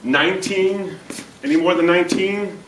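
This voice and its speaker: A man with a Northern Irish accent giving an animated workshop talk to a live audience, acting out reactions with sudden loud outbursts. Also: sits high, normal speed, slight background noise. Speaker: workshop speaker. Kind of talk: lively audience presentation. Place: seminar room with live audience. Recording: echoey room, speaker far from mic.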